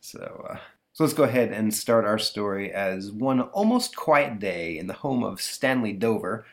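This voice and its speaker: A man's voice: fairly low pitch, expressive, moderate pace. A man hosting a podcast, chatting casually through an old comic book with lots of fillers. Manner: rambling, lots of fillers and restarts. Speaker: podcast host.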